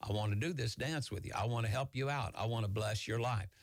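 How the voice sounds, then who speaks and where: Male pastor, quick and excitable, folksy sermon delivery, dry close recording. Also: mid-range voice, no room sound. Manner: fast, excited, folksy preaching. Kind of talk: Bible teaching sermon.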